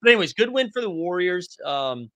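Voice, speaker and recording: Male sports stream host, slightly high, dry close mic, rambling and animated, casual profanity. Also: a little fast, dry recording. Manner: animated, rambling, swears freely. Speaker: podcast host reading chat. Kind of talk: casual sports talk livestream.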